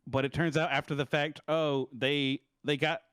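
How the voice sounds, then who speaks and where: A man with a smooth, resonant voice talking through a film plot in casual podcast chat. He rambles, swears freely and keeps tagging on "right?". The sound is dry and close. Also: fairly high pitch, level tone, normal speed, a bit bright, no echo. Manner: profane, rambling, checks in with "right?". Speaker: podcast co-host.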